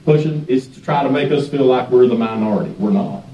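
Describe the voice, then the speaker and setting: In an echoey church sanctuary picked up by a distant, dull mic, a man preaches a sermon as a guest pastor. He tells the story folksily with frequent chuckles, his voice medium-pitched, mellow and fairly quick.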